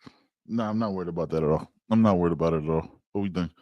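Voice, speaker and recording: A man hosting a casual sports podcast over a video call, animated and playful, trash-talking as he reacts. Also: low voice, racing, no room sound. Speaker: podcast host.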